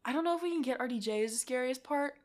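A woman's voice: sits high, racing. A woman co-hosting a podcast in casual, playful chat, often laughing and slipping into bits of song. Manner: giggly, playful, breaks into sung bits. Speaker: podcast co-host.

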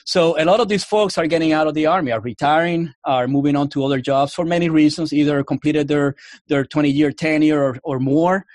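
A Canadian-accented man, an army officer, appears as a guest in a casual interview, speaking earnestly and often restarting his words. His voice is a little high, a little mellow and fairly quick, with no echo.

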